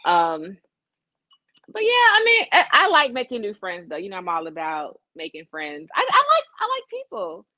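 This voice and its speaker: A woman's voice: medium pitch, wildly swooping pitch, normal speed, sharp tone, no room sound, muffled recording. A woman co-hosting a podcast, chatting casually in a candid, self-deprecating way. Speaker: podcast co-host. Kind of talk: casual chat.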